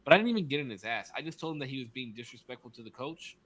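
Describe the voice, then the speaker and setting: A man co-hosting a casual podcast and telling stories with animated energy. His voice is bright and forceful, and he slips into acted-out quotes and casual cursing. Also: medium pitch, rapid-fire, slight background noise. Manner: animated storyteller, acts out quotes, swears freely. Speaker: podcast co-host, father.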